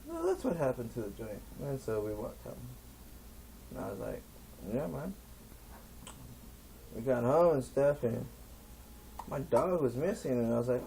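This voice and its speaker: A man's voice: mid-range voice, big pitch swings, measured pace, vocal fry, long pauses, warm tone, a little hiss or hum. A man telling a rambling stand-up story in a laid-back stoner drawl, acting out his friends and a cop. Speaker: stand-up comedian.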